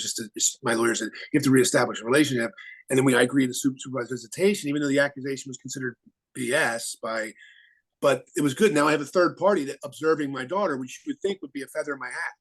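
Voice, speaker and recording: A man, an attorney, speaking as a guest in a casual interview, halting with many restarts and fillers. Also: mid-range voice, fairly bright tone, husky, rough recording.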